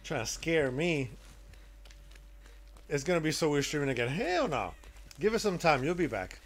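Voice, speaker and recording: A man live-streaming a game, chatting casually with his viewers and reacting loudly to the action. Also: a little high, sing-song, moderate pace, slight background noise.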